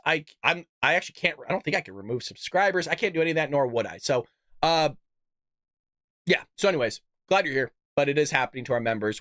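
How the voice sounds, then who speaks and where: A man's voice: a little high, a bit bright, no room sound, studio quality. A man hosting a casual political commentary show, ranting, swearing and laughing often. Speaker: podcast host.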